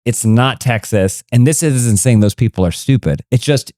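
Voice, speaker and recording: A man's voice: medium pitch, normal speed, warm tone, no echo, clean studio sound. Rambling American man, casual comedy banter. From United States. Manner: rambling, self-interrupting, joking. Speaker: podcast co-host.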